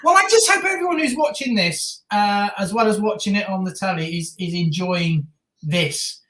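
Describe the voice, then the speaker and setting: A woman co-hosting a live stream, reacting enthusiastically to a football match and shouting at big moments. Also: medium pitch, expressive, normal speed, reverberant. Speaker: stream co-host.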